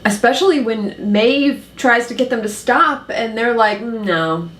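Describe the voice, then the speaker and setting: A woman's voice: a little high, unhurried, a bit bright, reverberant. Enthusiastic woman, mic a bit distant. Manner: enthusiastic, lots of "like". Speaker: co-host reviewing a TV episode. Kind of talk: casual chat.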